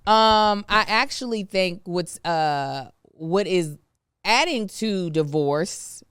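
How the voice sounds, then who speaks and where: A woman's voice: on the low side, expressive, takes it slowly, a bit bright, clean tone, no echo. A woman hosting a podcast in casual chat, thoughtful and candid, speaking. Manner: thoughtful, candid, self-deprecating. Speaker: podcast host.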